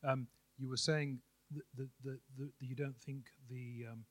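Audience member, male, husky and flat, hesitant question. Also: medium pitch, a little slow. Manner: hesitant, with repeated restarts. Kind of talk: question from the floor.

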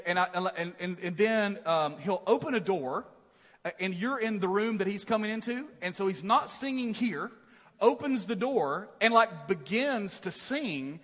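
A middle-aged man preaching a sermon as pastor, telling stories in an animated, self-deprecating way with many "right?" asides. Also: high-pitched, long reverb tail. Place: large church auditorium.

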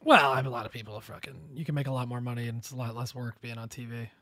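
A man's voice: medium pitch, steady tone, rapid-fire, sharp tone, no echo, studio quality. A man co-hosting a political podcast, casual, sarcastic and loose, with some swearing. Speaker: podcast co-host.

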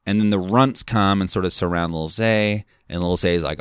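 Casual film-podcast host, male, deep smooth voice, rambling plot recap, dry close sound. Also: moderate pace, few pauses, fairly bright tone, no echo. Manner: rambling, filler-heavy retelling.

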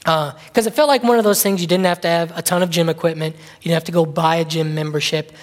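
A man preaching in a relaxed, conversational way, drifting between asides and anecdotes and slipping into little acted-out scenes. His voice rings with the long reverb of a big church hall. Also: fairly high pitch, fast talker. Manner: rambling and chatty, acts out little scenes. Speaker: pastor. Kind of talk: conversational sermon.

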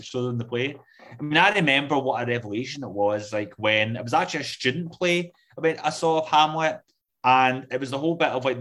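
A UK man appears as a guest author in a casual interview, talking loosely and rambling with lots of fillers like "like, you know." His voice is mid-range with a fairly bright tone.

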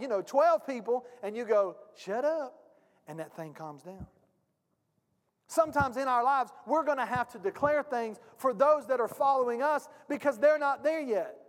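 A male pastor preaching a sermon, emphatic and speaking directly to his congregation. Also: very high voice. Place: church sanctuary. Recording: long reverb of a church hall.

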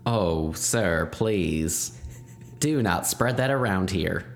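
A man's voice: low voice, expressive, takes it slowly, exaggerated voice. A man voicing a prim, exasperated shop clerk scolding a customer. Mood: primly scolding.

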